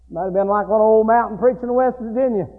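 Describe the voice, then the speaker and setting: Man, preaching with dramatic swings from loud shouting to quiet asides; very high voice, long church echo. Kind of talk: sermon. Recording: tinny phone-like sound with long hall echo.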